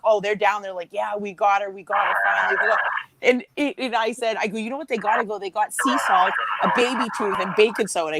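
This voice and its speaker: A woman telling a story in casual chat, acting out what others said, in a lively storytelling way. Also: mid-range voice, very noisy. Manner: animated storyteller, acts out quotes.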